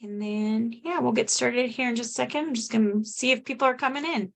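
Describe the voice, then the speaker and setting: A woman's voice: a little high, a little fast, creaky. Chatty woman hosting a video call. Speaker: meeting host. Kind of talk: casual online meeting chat.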